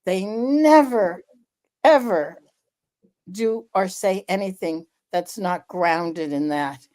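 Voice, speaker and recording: A woman co-hosting a candid podcast conversation, explaining in a measured, deliberate way with frequent fillers. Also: medium pitch, darkish tone. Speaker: podcast co-host, researcher.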